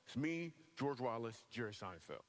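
An adult comedian from Michigan, appearing as a guest speaker, tells a funny personal testimony to a live audience in a church hall. He acts out other people's voices, speaking at medium pitch and a moderate pace in a very animated way.

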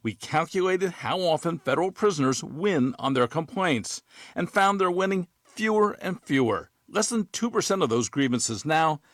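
A man reporting as an investigations correspondent, reading a scripted news report in a measured, even way. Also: fairly high pitch, no echo. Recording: dry studio voice.

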